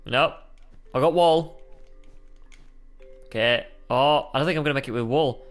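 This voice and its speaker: A man's voice: mid-range voice, normal speed, faint music behind. A young man chatting playfully while co-hosting a Minecraft let's play, often calling his partner mate. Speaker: gaming co-host.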